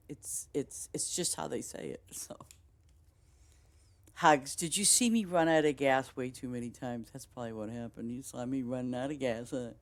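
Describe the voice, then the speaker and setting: A woman with a Boston accent chatting casually with her stream viewers in a rambling, easygoing way, laughing often. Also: fairly low pitch. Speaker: game streamer.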